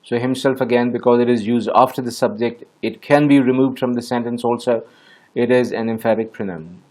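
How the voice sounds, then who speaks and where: A man's voice: medium pitch, steady tone, darkish tone. A man teaching an English grammar lesson, explaining methodically with frequent hesitations. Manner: measured, methodical, with many hesitations.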